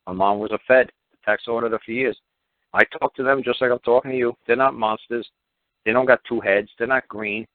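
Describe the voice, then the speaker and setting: A man's voice: medium pitch, fairly even intonation, brisk. Blunt profane man on a phone line. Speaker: radio show host. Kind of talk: call-in radio advice. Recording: dry phone-line radio audio.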